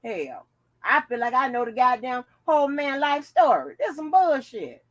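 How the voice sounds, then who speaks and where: A woman's voice: high voice, big pitch swings, normal speed, no echo, muffled recording. A woman hosting a casual commentary vlog, chatting bluntly and jokingly to her viewers with plenty of profanity. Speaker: channel host.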